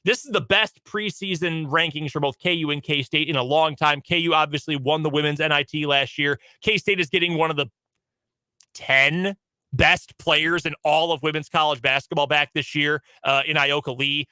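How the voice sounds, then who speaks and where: A man hosting sports radio, reading the headlines in a brisk, opinionated delivery. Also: fairly high pitch, steady tone, pushed and bright, smooth, no room sound, low-quality recording. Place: radio studio.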